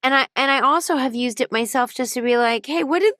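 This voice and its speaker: A woman's voice: on the high side, fairly even intonation, quick pace, pushed and bright, no echo, studio quality. A woman voice actor and audiobook narrator, a guest on an interview show, talks in a thoughtful way and explains at length with frequent restarts. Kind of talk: casual interview chat.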